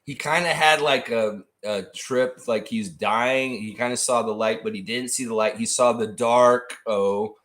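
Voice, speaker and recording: A man hosting a casual livestream, rambling and animated as he tells a silly story. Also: medium pitch, unhurried, few pauses. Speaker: livestream host.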